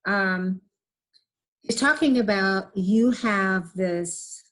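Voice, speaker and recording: A woman speaks in an earnest, gentle way, relaying messages piece by piece. Her pitch sits in the middle range. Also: very slow. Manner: earnest, gentle, relays words with many "he says". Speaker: medium. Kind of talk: casual chat, relaying messages.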